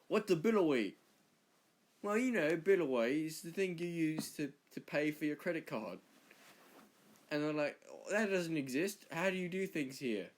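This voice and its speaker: A man's voice: mid-range voice, close to an everyday voice. Man doing a brash Aussie bloke. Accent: Australian (put on). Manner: brash, boastful, blurting slang, stumbling. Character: brash boastful Australian man, loud patriot. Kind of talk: comedic accent impression.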